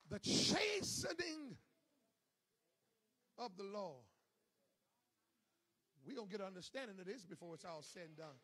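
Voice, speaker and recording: A man preaching a sermon at a church service. He calls out to the congregation and swings between low murmurs and shouted lines. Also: animated, fairly quick, long pauses, husky.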